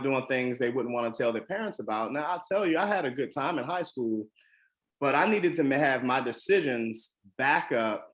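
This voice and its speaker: A man's voice: mid-range voice, fairly bright tone. A man from the Washington DC area telling a personal motivational story, earnest and emphatic, with frequent ums and restarts. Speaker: motivational speaker.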